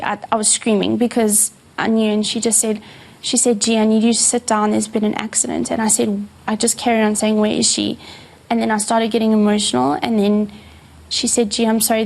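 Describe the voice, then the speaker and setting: A woman in an interview recounting a painful phone call, halting and repeating herself. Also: medium pitch, flat delivery, creaky, a little mellow. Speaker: housemate, interviewee. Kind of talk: emotional interview account.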